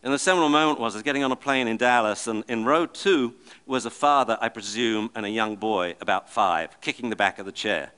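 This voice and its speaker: Guy on stage doing a talk, bright punchy voice, plays out all the voices in his stories. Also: medium pitch, brisk, few pauses, clean tone. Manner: animated, acts out the voices of the people and dogs in his stories. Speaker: speaker giving a public talk. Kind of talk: storytelling talk to an audience.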